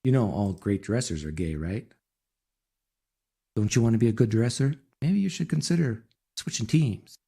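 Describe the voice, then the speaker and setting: A man's voice: lowish voice, lively intonation, normal speed, gravelly, mellow, slightly rough. A man giving an opinionated monologue in a preachy way, repeating his points.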